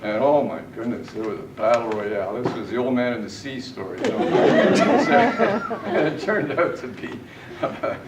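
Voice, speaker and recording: Man, middle-aged, lively storytelling, chuckles a lot, distant mic, echoey noisy party hall. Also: medium pitch, normal speed, few pauses. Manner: chuckling often while telling fishing stories. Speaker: party guest giving a tribute speech. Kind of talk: anecdotal storytelling speech. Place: large indoor party room.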